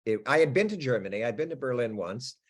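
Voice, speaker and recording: A middle-aged American man, an actor being interviewed, talking in an animated, chatty way with restarts and laughs. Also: medium pitch, quick pace. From United States. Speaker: actor guest. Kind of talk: casual interview chat.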